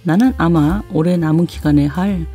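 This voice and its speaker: A woman teacher explaining a language lesson and repeating phrases slowly for learners. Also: deep voice, warm tone, soft background music.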